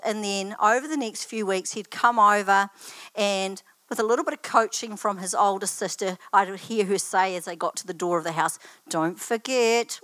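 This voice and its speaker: An older woman gives a personal testimony in a church setting. Her voice sits at a middling pitch, and she talks in a chatty, anecdotal way, wandering into asides as she tells her stories. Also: a bit bright, dry recording. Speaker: church student giving a testimony.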